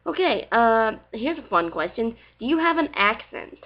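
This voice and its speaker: A young woman with a slight Southern US accent answers viewer questions in a casual Q&A vlog, her slightly high voice sing-song at a moderate pace on lo-fi audio. She rambles chattily, leaning hard on fillers like "like" and "you know".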